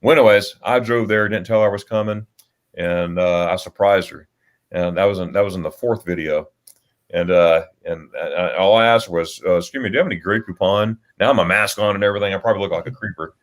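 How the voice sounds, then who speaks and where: A man with a fairly low voice hosts a relaxed livestream chat. He rambles through stories, stopping and restarting with plenty of fillers. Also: fairly quick. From United States. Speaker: livestream host.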